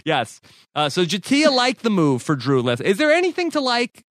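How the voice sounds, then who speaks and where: A man's voice: high voice, normal speed, dry recording. A man hosting a podcast, chatting casually, laughing often and reading out tweets. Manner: laughs often, reads tweets aloud in a flat tone. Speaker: podcast host.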